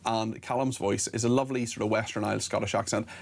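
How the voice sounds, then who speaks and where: A man's voice: fairly low pitch, fairly even intonation, fast, vocal fry. A man from Northern Ireland hosting a talk radio show, reading out listener messages with chatty asides.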